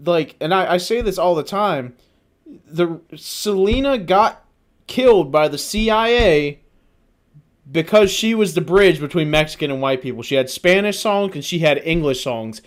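A man's voice: on the high side, animated, moderate pace. A young man from the southern United States in casual chat, joking crudely and swearing a lot.

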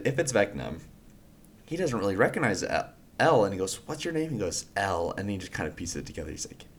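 A man's voice: on the low side, slight background noise. A man hosting a podcast in a casual, rambling way, full of fillers and restarts. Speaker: podcast host.

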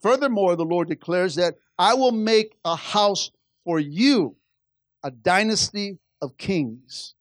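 A male pastor preaching a sermon at a church service, animated and acting out the voices he quotes. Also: high voice, slow pace, no room sound.

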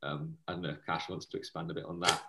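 A man's voice: deep voice, level tone, quick pace, gravelly, bright, forceful tone, low-quality recording. A young man talking as an interview guest, keen but hesitant, with many uhs and ums. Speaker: university player and committee member. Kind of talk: casual interview chat.

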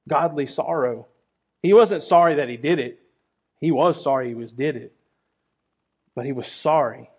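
A man with a slightly higher-than-average, a little mellow voice preaches a sermon. He addresses the congregation in an earnest, conversational way and keeps circling back to the same phrases.

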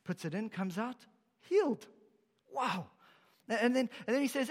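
High pitched guy preaching, acts out the quotes, lots of hall echo. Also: measured pace. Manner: animated storytelling, acting out quoted lines. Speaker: pastor. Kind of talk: sermon. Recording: echoey hall with long reverb.

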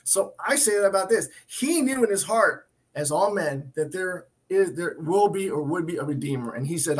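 A man's voice: on the high side, expressive, normal speed, hardly any pauses. A man co-hosting a Christian talk show, teaching from the Bible in an earnest, emphatic way, often restarting and repeating himself. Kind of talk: Bible teaching in casual chat.

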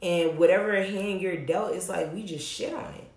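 A young woman talking casually and bluntly, swearing freely and telling stories with animated emphasis. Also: lowish voice, moderate pace, echoey room. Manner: blunt, profane, animated storytelling. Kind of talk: casual candid chat.

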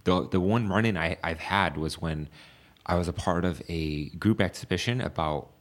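A man who makes photographs, chatting casually and telling lively anecdotes with filler words. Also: low voice, moderate pace. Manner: animated storyteller, acts out quotes. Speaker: photographer and artist. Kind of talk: casual conversation.

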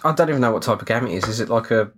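Husky fast-talking man co-hosting. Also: mid-range voice, lively intonation, fairly bright tone. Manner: quick, short interjections and questions. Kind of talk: casual chat.

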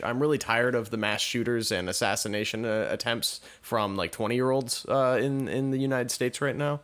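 A man with a fairly bright, mid-range voice hosts a casual news commentary show. He reads headlines and articles aloud, then riffs on them with sarcastic asides.

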